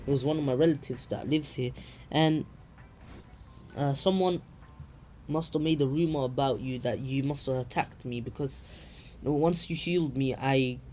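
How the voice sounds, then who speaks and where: A man's voice: mid-range voice, moderate pace, long pauses, a little mellow, slight background noise, lightly acted. A man doing an earnest young adventurer. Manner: earnest, eager to please.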